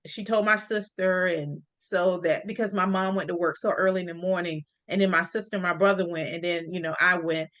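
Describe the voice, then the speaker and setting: A middle-aged woman hosting a chat, telling a personal story in a lively way and acting out the voices she quotes. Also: lowish voice. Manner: animated, acts out quoted voices, laughs often. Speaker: podcast host sharing a personal story.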